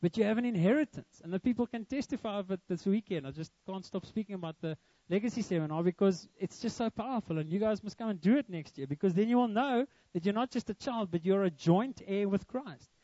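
Man, pastor, young, earnest emphatic sermon, high voice, warm tone, lo-fi sound. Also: quick pace, no room sound. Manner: earnest, emphatic preaching with repetition.

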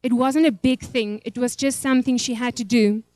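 High-voiced pastor's wife. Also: female voice, fairly even intonation, moderate pace, darkish tone, dry recording. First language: Afrikaans. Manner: emotional, rambling storytelling. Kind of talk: church testimony.

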